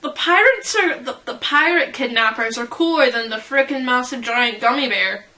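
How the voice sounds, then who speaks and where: Rambling young woman, bright voice. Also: high-pitched, animated, normal speed, poor audio. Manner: giggly, rambling, self-deprecating. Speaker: fan vlogger. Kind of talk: casual chat.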